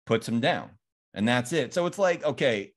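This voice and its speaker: A man's voice: medium pitch, animated, normal speed. A man hosting a podcast, chatting casually about a film and retelling its scenes in a rambling way. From Phoenix, Arizona. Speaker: podcast host. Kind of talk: casual film review chat.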